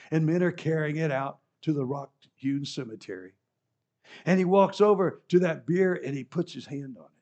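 A man preaching a sermon, retelling a scene vividly and swinging from hushed to loud. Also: a little high. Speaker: pastor. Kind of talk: sermon storytelling.

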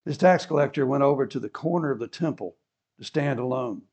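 A man's voice: mid-range voice, a little fast, darkish tone. A man preaching a sermon, explaining scripture and acting out the people in it with rising fervor. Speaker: pastor.

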